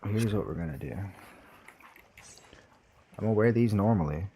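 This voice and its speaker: A man's voice: lowish voice, normal speed, mellow, slightly rough. A young man chatting casually on a live stream, swearing now and then as he sets up his audio.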